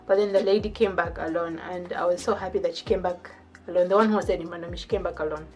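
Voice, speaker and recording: A young woman vlogger telling a story casually, with animated and chatty delivery. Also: on the low side, fast.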